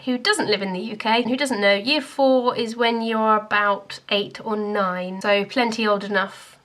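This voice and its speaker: A woman's voice: mid-range voice, fairly even intonation, normal speed, fairly bright tone. A young woman from Scotland, talking to camera in a chatty, self-deprecating vlog. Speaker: YouTuber.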